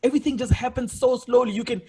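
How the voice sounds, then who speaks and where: A man's voice: very high voice, fairly even intonation, quick pace, warm tone, a little hiss or hum. A man hosting a podcast, chatting casually and telling stories in bursts with frequent restarts and repeated words. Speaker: podcast host. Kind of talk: casual interview chat.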